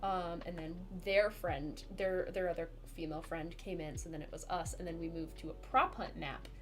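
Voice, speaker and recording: A woman streamer telling a story to her chat in a chatty, animated way, laughing often and filling with "like". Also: fairly low pitch, normal speed, soft background music. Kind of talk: casual storytelling to a live chat.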